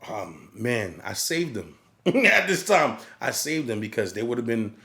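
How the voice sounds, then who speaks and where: A man's voice: mid-range voice, big pitch swings, measured pace, vocal fry, sharp tone. A man who works as a DJ, telling a story in casual podcast chat and acting out quotes and crowd hype.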